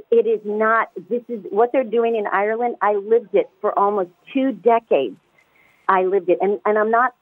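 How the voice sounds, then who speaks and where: A woman calling in to a radio talk show, speaking fast and emphatically and often restarting her words. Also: medium pitch, no room sound. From United States. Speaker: caller. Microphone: telephone. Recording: tinny phone line, dry.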